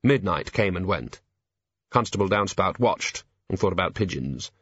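Husky man reading a story. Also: deep voice, expressive, normal speed, a bit bright, dry recording, lo-fi sound. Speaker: audiobook narrator. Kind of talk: scripted narration.

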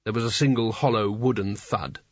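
A man doing scripted audiobook narration in a measured, wry storytelling manner. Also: fairly low pitch, steady tone, darkish tone, no echo. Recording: dry, slightly dull audiobook recording.

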